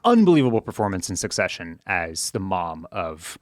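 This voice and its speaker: A man's voice: sits low, normal speed. Casual man co-hosting a TV recap. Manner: animated, piles up fillers and false starts. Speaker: podcast co-host.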